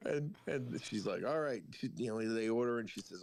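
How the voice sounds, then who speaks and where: Wry man retelling a scene, low voice. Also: moderate pace, no echo. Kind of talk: casual chat, anecdote.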